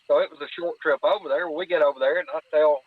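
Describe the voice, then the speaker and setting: A man's voice: fairly high pitch, steady tone, quick pace, dry recording. Man telling a story over a tinny phone line. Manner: folksy, recounts dialogue with repeated "I said". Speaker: podcast guest telling hunting stories. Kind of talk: casual storytelling.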